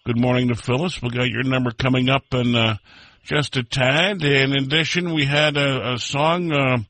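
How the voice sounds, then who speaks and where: A man's voice: medium pitch, steady tone, normal speed, sharp tone, no echo. A man hosts a polka radio show in a casual, rambling way and sends friendly greetings to his listeners. His voice sits in a middle range for a man. The studio sound is dry and close. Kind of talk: casual radio chat with listener shout-outs.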